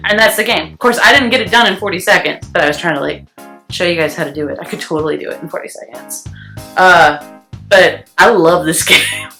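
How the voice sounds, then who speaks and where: A young woman chatting casually to her viewers in a vlog, bouncing between stories and quick bursts of song. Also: fairly low pitch, bright, forceful tone, faint music behind. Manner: chatty, breaks into snatches of song. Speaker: vlogger. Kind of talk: casual chat to camera.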